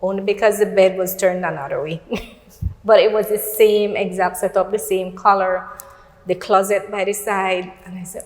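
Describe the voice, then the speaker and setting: A woman's voice: medium pitch, steady tone, moderate pace, a little mellow. Earnest Belizean woman in a roomy hall. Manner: earnest, storytelling with quoted dialogue. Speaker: guest. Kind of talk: personal testimony in a faith talk show.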